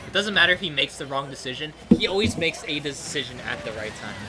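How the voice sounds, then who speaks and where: Excitable male esports commentator, lively pitch. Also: quick pace, heavy background noise. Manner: excitable, jokey, bursts into yelling at big plays. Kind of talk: live game commentary.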